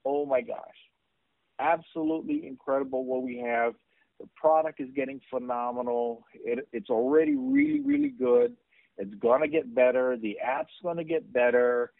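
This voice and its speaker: Excitable man on a tinny phone line. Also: fairly high pitch, normal speed, gravelly, dry recording. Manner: excitable and repetitive. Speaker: network marketing presenter. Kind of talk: sales training talk.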